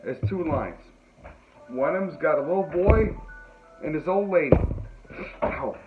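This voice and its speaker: A man's voice: a little high, animated, unhurried, loud music behind the voice. A man hosting a podcast, telling a rambling comic story with frequent laughs and self-mocking asides. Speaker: podcast host. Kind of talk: comedic storytelling. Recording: phone-like tinny audio, faint noise.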